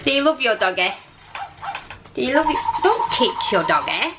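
High sing-song mother cooing at her toddler. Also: big pitch swings, normal speed, very noisy. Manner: sing-song, coaxing, giggly. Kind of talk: casual baby talk to a toddler. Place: small cramped playroom full of toys.

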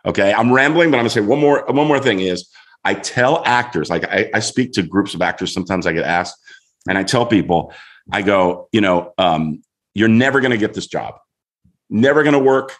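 A middle-aged man, a guest on a show, telling a story in an animated way and acting out voices as he goes. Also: low voice, a little fast. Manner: lively, acts out voices in his story.

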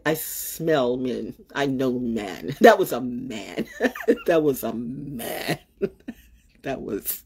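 A woman with a husky, slightly breathy voice hosts her own solo show. She rambles and repeats phrases, curses freely, and swings between loud outbursts and near-murmured asides. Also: a bass voice. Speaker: show host. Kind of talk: rambling solo livestream talk.

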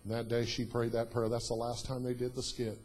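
A man preaches a story-driven sermon in a church. His voice is husky and slightly breathy, sitting at an ordinary pitch. He drops to near-whispers and then builds to loud, emphatic declarations. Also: monotone, fairly quick, rough recording.

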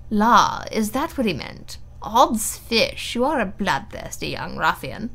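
A woman reading the part of a lazy, foppish English gentleman with a slow, languid drawl. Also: medium pitch, sing-song, vocal fry, exaggerated voice.

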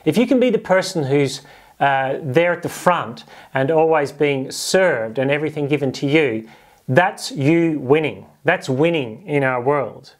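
Man preaching in a light higher voice. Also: expressive, unhurried. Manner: conversational preaching, acts out quoted voices with humor. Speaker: pastor. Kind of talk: sermon.

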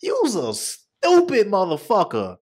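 Male reaction host, high and very animated, profane mocking trash talk, hoarse from yelling. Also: takes it slowly, heavy background noise. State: hoarse, losing his voice. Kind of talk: casual reaction commentary.

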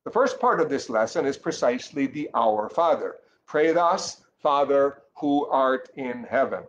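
Catechist, male, mid-pitched, earnest teaching tone with fillers and restarts, slightly muffled take with faint background noise. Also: lively intonation, a little slow.

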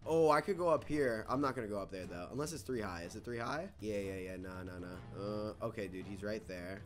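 A young man doing live video game commentary as a YouTuber, frustrated and trash-talking, swinging between low muttering and sudden yelling. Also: fairly quick, hardly any pauses, music in the background. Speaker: gaming YouTuber.

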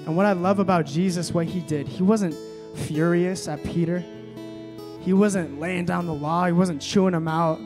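Young man preaching over soft guitar. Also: sits high, fairly even intonation, normal speed. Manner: swings from soft reading to loud emphatic preaching; casual, many fillers when telling stories. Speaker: young adults pastor. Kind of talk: sermon.

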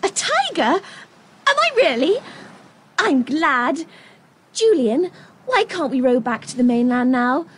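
A woman's voice: sits high, big pitch swings, slow, pauses often, a little hiss or hum, exaggerated voice. A woman playing Anne, a timid young girl who finds her courage, in an audio drama. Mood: relieved. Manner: bright, earnest, breathless outbursts.

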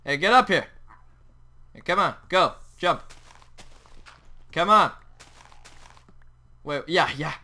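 A young man hosting a Minecraft let's play, talking excitedly over his gameplay and yelping at sudden moments. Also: a little high, moderate pace, long pauses. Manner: excitable, yelps and shouts at the game. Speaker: gaming channel host.

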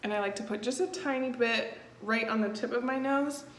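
This makeup tutorial host speaks fairly quickly in a voice on the high side. She's chatty and relaxed as she explains each step, often using fillers, and the recording has an echoey room sound with faint noise.

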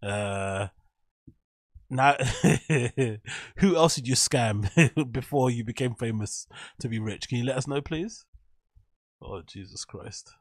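Male reaction host, mid pitch, dry close mic, loose and sweary. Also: takes it slowly, long pauses, no echo. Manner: swears freely, rambling and joking. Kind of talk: casual reaction commentary.

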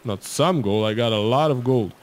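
A man's voice: medium pitch, moderate pace. A man commentating his gameplay, rambling and joking in asides to the viewer. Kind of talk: let's-play game commentary.

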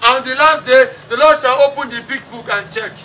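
Speaking a little fast in an extremely high, sharp voice, a Nigerian-accented man delivers a funeral sermon in mixed English and Pidgin. He urges the congregation to answer back, captured on a distant mic amid crowd noise.

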